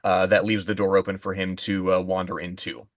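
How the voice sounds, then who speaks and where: A man's voice: low-pitched, little pitch movement, dry recording, clean studio sound. A man co-hosting a podcast, chatting about a book and often restarting phrases as he hunts for words. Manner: halting, restarts phrases while hunting for words. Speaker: podcast co-host. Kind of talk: casual book-discussion chat.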